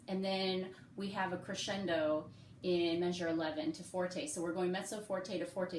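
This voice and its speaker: A woman who teaches music, giving step-by-step practice advice in a relaxed, friendly way with frequent ums and okays. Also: medium pitch, reverberant, a little hiss or hum. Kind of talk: casual instructional talk.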